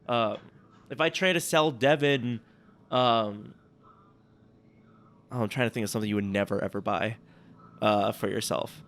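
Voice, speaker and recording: A man's voice: mid-range voice, a bit bright. A man from the United States co-hosting a casual podcast, rambling and self-mocking and laughing easily. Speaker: podcast co-host.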